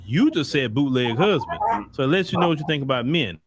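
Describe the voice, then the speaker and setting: A man's voice: mid-range voice, very animated, a little fast, a crowd in the background. A man hosting a web commentary show, blunt and mocking, speaking straight to the person he criticizes. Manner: blunt, mocking, addresses the subject directly. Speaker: host.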